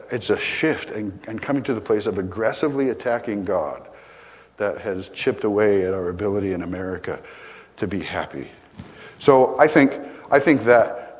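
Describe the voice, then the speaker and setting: An older man preaching a conversational sermon, often asking "right?", building to emphatic peaks and then dropping quiet. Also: mid-range voice. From Arizona. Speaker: pastor. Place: church sanctuary. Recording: long hall reverb.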